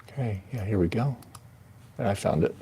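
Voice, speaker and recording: A man's voice: lowish voice, mellow, husky. A man hosting a live repair stream, talking casually and hesitantly while he searches for a manual. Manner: slow, hesitant, muttering to himself while searching.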